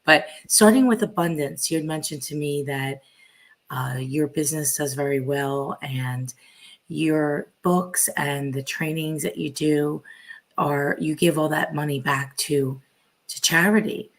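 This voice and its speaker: A woman's voice: deep voice, measured pace. A woman interviewer asking a guest friendly, encouraging questions.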